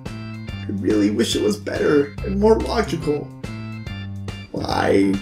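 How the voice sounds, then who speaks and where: A man reviewing a book on his vlog, ranting in an exasperated, animated way. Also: a little high, a little slow, over music. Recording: echoey room.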